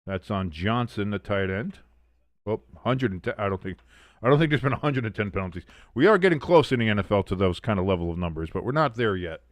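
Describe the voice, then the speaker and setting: This fast-talking stream host has a voice on the low side and no room sound around him. He calls football plays, reads out the chat, and keeps up a sardonic, heavily profane humor.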